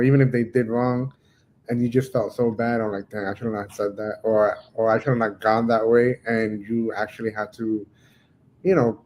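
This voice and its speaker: A man's voice: mid-range voice, darkish tone, a little hiss or hum, low-quality recording. A man interviewing a guest, asking long, rambling, searching questions in a casual way.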